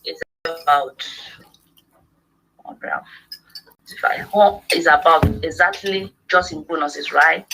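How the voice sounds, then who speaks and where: A woman, a guest on a livestream interview, effusive and quick to laugh. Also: low-pitched, bright, forceful tone, faint music behind, low-quality recording.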